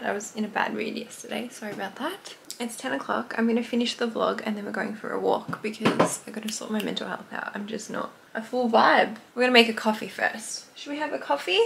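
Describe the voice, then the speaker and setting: A woman's voice: on the high side, vocal fry, a bit bright, slight background noise. A young Australian woman talking frankly and casually to camera in a vlog, swearing freely. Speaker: vlogger.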